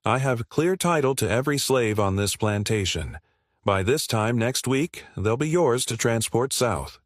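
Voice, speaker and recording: A man's voice: medium pitch, animated, a little slow, no echo, studio quality, lightly acted. A man voicing a jovial, boastful plantation owner in a narrated story. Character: plantation slave owner, smooth salesman.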